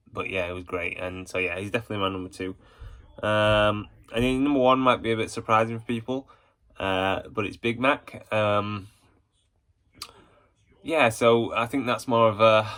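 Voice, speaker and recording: A man with a low, bright-edged voice hosts a casual ranking vlog. He rambles warmly as an enthusiastic fan, circling back with hesitations and filler. His delivery stays fairly level in pitch, with little rise and fall. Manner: rambling, full of hesitations and "you know". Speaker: YouTube channel host.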